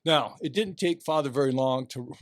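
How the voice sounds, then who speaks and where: A man's voice: medium pitch, moderate pace, dry recording, studio quality. A man in his sixties, an athletic director, telling anecdotes in a casual interview and briefly acting out other people's voices. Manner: animated anecdotes, acts out quoted voices. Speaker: guest, retiring athletic director.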